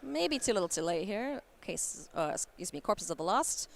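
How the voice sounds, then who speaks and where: A woman doing live card game commentary at a tournament, playful and quick to laugh. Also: gravelly. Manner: playful, laughs often, animated swings in pitch. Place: convention hall.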